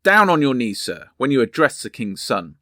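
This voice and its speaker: A drunken, arrogant young duke, haughty and sneering, as a man reads him aloud. He slurs and pushes his voice up high and loud. The sound is close and dry. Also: wildly swooping pitch, normal speed, dry recording, exaggerated voice.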